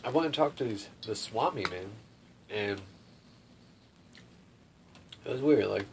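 A man's voice: lowish voice, lively intonation, measured pace, gravelly. A young man telling a rambling personal story in casual chat. He fills his talk with "like" and swearing and laughs often. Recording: faint background noise.

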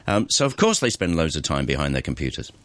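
A man's voice: rumbling low, sing-song, fast, no echo. A man hosting a radio show in a studio, chatting casually and pushing back with skepticism. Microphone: studio microphone.

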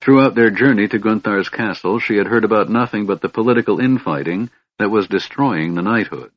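A man narrating a fantasy audiobook in a measured storytelling manner, in a dull lo-fi recording. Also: fairly low pitch, slightly rough, no room sound.

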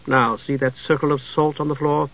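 A man's voice: a little high, flat delivery, normal speed, vocal fry, fairly bright tone, no echo. A man voicing a stern, cold female sorceress who gives clipped commands, on a dull lo-fi recording.

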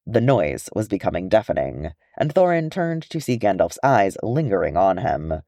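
A man reading a story aloud with expressive delivery. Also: low voice, moderate pace, hardly any pauses, no room sound, studio quality. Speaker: audiobook narrator. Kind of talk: reading fan fiction aloud.

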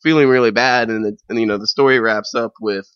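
A young man with a bright, forceful voice tells a rambling anecdote in a relaxed chat, jumping into lively impressions of the people in it. The sound is dry and close, with a slightly dull top end. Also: mid-range voice, fast talker, clean tone, dry recording. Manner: animated, acts out other people's voices in the anecdote. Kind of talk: casual conversational storytelling.

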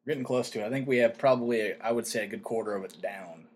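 A man's voice: lowish voice, fast talker, a little hiss or hum. A man co-hosting a podcast in casual chat, laid-back and slangy, with a drawling delivery. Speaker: podcast co-host.

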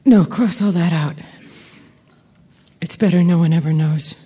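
An actress playing a frightened, defiant young woman in a radio play, speaking quietly and haltingly. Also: fairly low pitch, breathy edge. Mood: resigned. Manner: quiet, halting, dictating a farewell. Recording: long hall reverb.

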